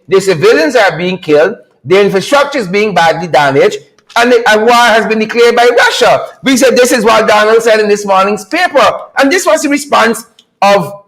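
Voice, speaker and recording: This is a man with a fairly high voice, hosting a political livestream. He delivers sarcastic commentary in an animated, teasing way, laughing often and repeating phrases over and over for emphasis. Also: rough recording. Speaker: host.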